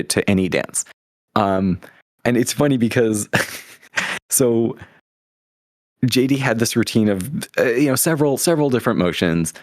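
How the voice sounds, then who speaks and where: A man's voice: medium pitch, a little mellow, no room sound, studio quality. A young adult man telling stories as a podcast guest, enthusiastic and rambling, with many restarts. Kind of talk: casual interview storytelling.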